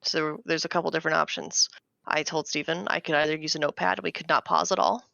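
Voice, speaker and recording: A woman in her thirties co-hosts a casual podcast chat, with a gravelly fry running under a bright, tense tone. She tells her story in an animated way. The recording is dry and a little dull and lo-fi. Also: low-pitched, fairly quick, dry recording. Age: 30s. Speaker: podcast co-host.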